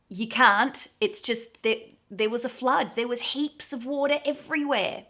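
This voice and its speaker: A woman's voice: fairly high pitch, normal speed, few pauses, fairly bright tone. A woman in her thirties with an Australian accent, explaining slang to camera in a chatty, giggly, self-deprecating way. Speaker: YouTube host teaching Australian slang. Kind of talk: casual explainer talk to camera.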